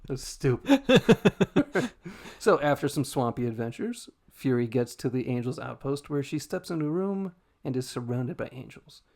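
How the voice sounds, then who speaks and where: Gravelly, laughing podcast host. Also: male voice, mid-range voice, sing-song, normal speed, darkish tone. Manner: laughs often, swears casually, self-deprecating. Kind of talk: casual story recap.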